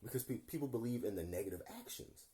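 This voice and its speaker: A man's voice: fairly low pitch, fast, warm tone, slight background noise. A young man talking casually to his viewers in an earnest, rambling way, full of slang and repeated points. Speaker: vlogger. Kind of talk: casual vlog monologue.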